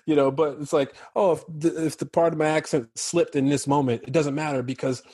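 A man's voice: a little high, steady tone, brisk, a little mellow, husky, no room sound, studio quality. An American man from Chicago, a guest actor in casual podcast chat, rambling loosely and laughing often.

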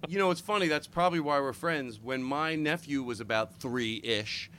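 A man hosting a casual comedy podcast chat, animated and joking, with some swearing. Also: mid-range voice, slight background noise. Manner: animated, swearing, quick jokes. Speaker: podcast host.

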